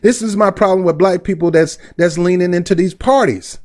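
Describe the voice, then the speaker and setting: A man's voice: high-pitched, fairly quick, darkish tone. A middle-aged man hosting a commentary vlog, blunt and indignant, with street slang. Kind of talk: heated commentary.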